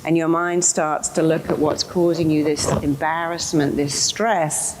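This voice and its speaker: A woman's voice: low-pitched, fairly even intonation, measured pace, few pauses, background noise. A woman therapist giving a motivational talk to an audience, speaking emphatically and acting out the inner voices of her listeners.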